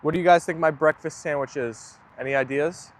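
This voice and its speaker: A man with a slightly high voice talks fairly quickly while livestreaming from his phone. He's out walking his dogs in the rain, rambling to viewers in a self-deprecating, casual way.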